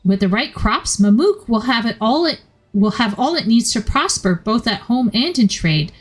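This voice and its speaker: A woman reading out a game's earnest young female scholar in a measured, explanatory way. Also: fairly high pitch, expressive. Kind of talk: reading game dialogue aloud.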